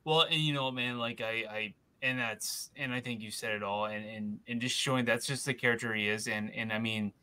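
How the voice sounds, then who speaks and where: A man co-hosting a casual podcast, earnest and halting, with many fillers and restarts. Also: medium pitch, steady tone, bright, forceful tone, clean tone, poor audio. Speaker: podcast co-host.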